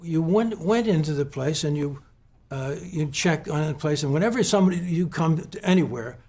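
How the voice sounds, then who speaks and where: A man from the West Coast of the US interviewing a guest at a golf club, speaking haltingly with many restarts and fillers. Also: a little high, animated, dark tone. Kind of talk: heartfelt conversational tribute.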